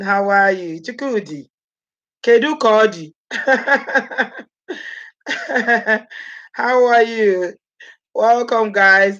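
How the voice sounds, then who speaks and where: A woman's voice: medium pitch, fairly bright tone, lo-fi sound. A woman from Edo State with a Nigerian accent, chatting on a live vlog, greeting viewers by name and slipping into Pidgin. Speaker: vlogger host.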